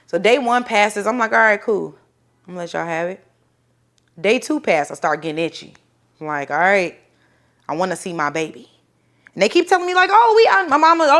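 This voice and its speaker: A woman's voice: mid-range voice, vocal fry, fairly bright tone. A young woman telling a personal story in casual talk, acting out the voices of other people and swearing freely.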